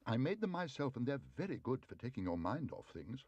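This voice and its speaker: A man reading aloud and voicing an earnest, well-mannered little male bear, in a husky voice. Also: medium pitch, sing-song, fairly quick, a little mellow, dry recording, muffled recording. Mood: prim.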